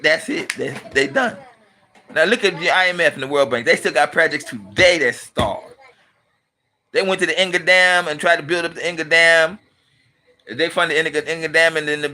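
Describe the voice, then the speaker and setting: A middle-aged man from California delivers a blunt, emphatic monologue in loose, colloquial speech. His voice sits high for a man and rings bright and forceful. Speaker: channel host and commentator. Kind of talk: casual opinionated monologue.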